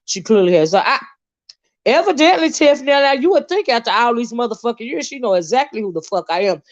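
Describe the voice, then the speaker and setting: A woman host ranting on a live stream, swearing heavily and swinging between shouts and mutters. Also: lively intonation, brisk, no echo, muffled recording. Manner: profane, heated, swinging pitch. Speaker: online commentator.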